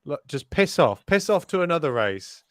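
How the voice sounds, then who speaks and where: A man giving casual, excitable live race commentary, sweary and rambling with fillers. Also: on the high side, moderate pace, clean tone.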